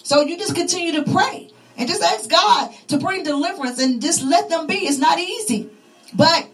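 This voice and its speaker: Fervent high-voiced woman preaching. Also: moderate pace, low-quality recording. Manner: fervent, repetitive, rising and falling with emphasis. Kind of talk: sermon.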